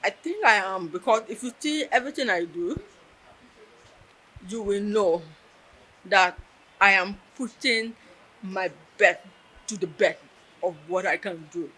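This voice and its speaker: A woman, telling her own story in an interview in an earnest, heartfelt way, with pauses and restarts. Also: mid-range voice, pushed and bright, slightly rough. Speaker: interviewee, deaf artist.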